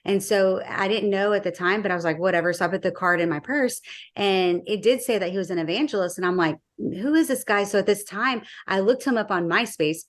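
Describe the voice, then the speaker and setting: A woman's voice: medium pitch, a little fast. A woman sharing her personal faith testimony in a casual interview, acting out the dialogue she recalls and using frequent fillers.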